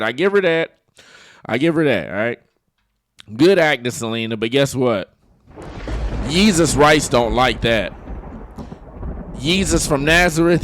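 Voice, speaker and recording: Animated, mocking male commentator. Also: mid-range voice, slight background noise. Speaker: commentary host. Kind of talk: reaction commentary.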